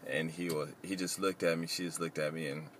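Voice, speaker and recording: Deep-voiced man rambling over traffic noise. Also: fairly even intonation. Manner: rambling, halting, lots of fillers. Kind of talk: casual storytelling.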